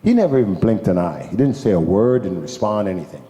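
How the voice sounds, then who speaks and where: An older man from Jamaica spins animated stories, slipping into the voices of the people he quotes and laughing as he goes. His voice is low and mellow. It rings through a big echoey hall with a long reverb tail. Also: fast talker. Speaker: former pro ballplayer, guest speaker. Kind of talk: casual storytelling to a crowd.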